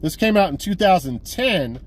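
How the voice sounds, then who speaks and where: Rambling, profane high-voiced man. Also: normal speed. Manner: rambling, profane, animated retelling. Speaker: movie collector vlogger. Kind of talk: casual movie haul review.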